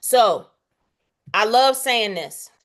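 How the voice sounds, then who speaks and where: A woman's voice: on the high side, lively intonation, drawn-out words, fairly bright tone. Emphatic woman teaching a workshop. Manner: emphatic, repeats "okay?" to check in; casual, direct, uses slang. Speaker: bookkeeping instructor.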